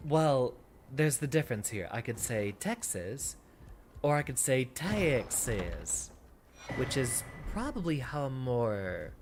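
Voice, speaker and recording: A man's voice: mid-range voice, a little hiss or hum. A man streaming a video game, chatting with viewers in a playful, theatrical way. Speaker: VTuber streamer. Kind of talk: casual gameplay commentary. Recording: game music behind.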